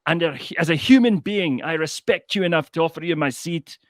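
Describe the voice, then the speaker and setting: A man's voice: a little high, expressive, a little fast, dry recording, clean studio sound, voice pushed up, close to an everyday voice. A man voicing a large, proper Glaswegian woman who firmly scolds a rude passenger, with a Glaswegian accent. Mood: scolding. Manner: firm, scolding, formal.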